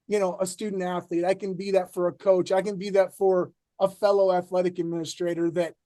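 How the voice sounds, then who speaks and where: A middle-aged man, an athletic director, talking in a casual interview with energetic bursts and many restarts. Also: high-pitched, no room sound. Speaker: athletic director, podcast guest.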